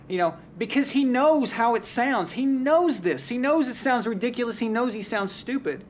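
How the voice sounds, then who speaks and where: Fired-up opinionated man, high voice. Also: lively intonation, moderate pace, few pauses, a little hiss or hum. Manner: opinionated, heated, restarts often. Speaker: sports talk show host. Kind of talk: casual live-stream sports chat.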